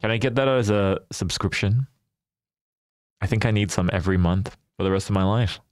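A man's voice: on the low side, normal speed, no room sound, clean studio sound. A man chatting casually with his viewers as a livestreamer, playful and teasing, often laughing.

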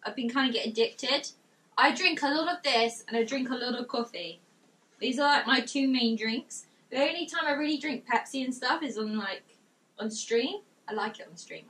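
A woman's voice: on the high side, bright, forceful tone, recorded from a distance, a little hiss or hum. A young woman in her bedroom, gushing and exclaiming as she unboxes gifts and reads notes aloud. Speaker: vlogger. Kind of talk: excited unboxing vlog.

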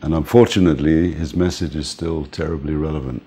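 An older man interviewed as a music manager, telling relaxed stories and often laughing and saying "man". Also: a bass voice, a little fast, slightly rough. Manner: relaxed, reminiscing, often says "man", laughs between points. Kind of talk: casual storytelling interview.

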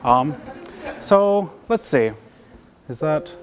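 A man's voice: on the high side, animated, extremely slow, clear, resonant tone. Young American male presenter, informal academic delivery, self-deprecating and chatty. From United States. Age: young adult. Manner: casual, self-deprecating, many fillers and restarts. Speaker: seminar presenter. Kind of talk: academic seminar talk. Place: lecture room.

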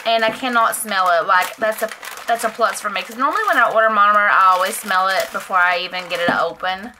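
A woman's voice: mid-range voice, pushed and bright, a little hiss or hum. A woman vlogger chatting casually as she unboxes nail supplies, gushing and rambling with lots of fillers. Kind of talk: casual product unboxing chat.

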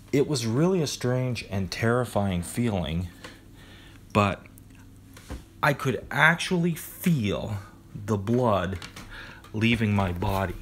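Deep-voiced man casually narrating horror. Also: a little hiss or hum. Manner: casual, conversational storytelling. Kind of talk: first-person horror story narration.

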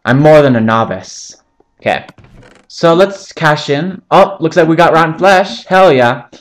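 A man's voice: a little high, animated, measured pace. A young man giving casual, joking commentary over his own gameplay, rambling between topics and swearing often. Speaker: gaming channel host.

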